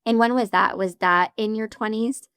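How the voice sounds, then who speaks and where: A woman's voice: on the high side, steady tone, normal speed, fairly bright tone, clean tone, dry recording, studio quality. A woman hosting a podcast, asking questions and responding supportively to her guest. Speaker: podcast host. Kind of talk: interview conversation.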